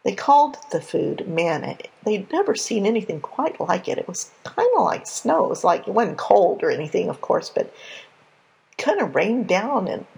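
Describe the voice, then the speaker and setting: A woman telling a Bible story in an animated, conversational way for young listeners. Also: mid-range voice, normal speed, creaky, slightly rough, rough recording.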